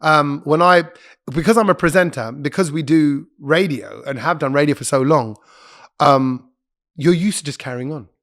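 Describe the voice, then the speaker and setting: Middle-aged male broadcaster, quick and lively delivery, a bit higher-pitched than most men; casual podcast talk. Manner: fast-talking, animated, breaks into put-on voices. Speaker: broadcaster and comedy host.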